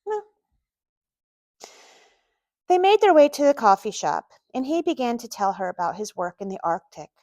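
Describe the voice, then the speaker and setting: A woman reads her own novel aloud and stops now and then for chatty asides. Her voice sits a little high and moves a lot in pitch. The sound is close and dry. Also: sing-song, moderate pace, long pauses, darkish tone, no room sound. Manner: chatty asides between passages.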